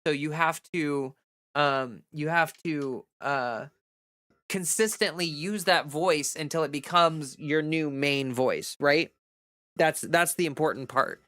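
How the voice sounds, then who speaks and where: Woman streamer, bright forceful tone, chatty candid advice, dry close sound. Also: deep voice, slow, no room sound. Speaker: livestreamer giving voice-training advice. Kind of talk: casual livestream chat.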